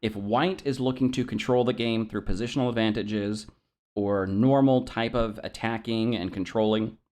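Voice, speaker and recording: A man with a fairly low voice talks through a chess opening lesson in an easygoing way. He hesitates often, filling gaps with ums and correcting himself mid-sentence. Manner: self-deprecating about pronunciation. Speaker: chess instructor.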